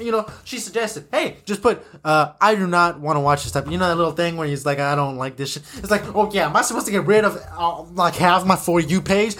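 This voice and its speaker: A man's voice: high-pitched, bright, forceful tone. A young man hosting a solo podcast episode, ranting in an agitated, profane, repetitive way, full of "you know"s. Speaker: podcast host.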